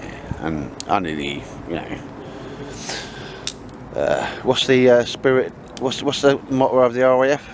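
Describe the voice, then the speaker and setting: A man's voice: mid-range voice, very animated, unhurried, background noise. A man chatting casually at a woodland camp, joking and bantering in army slang. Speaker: camping vlogger. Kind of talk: casual outdoor chat.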